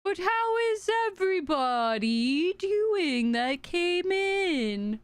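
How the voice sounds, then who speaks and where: A woman streamer with a very high voice and big pitch swings talks very slowly, with hardly any pauses and no room sound. She chats casually with viewers while fumbling through her stream settings, scattered and talking both to herself and to chat as she searches.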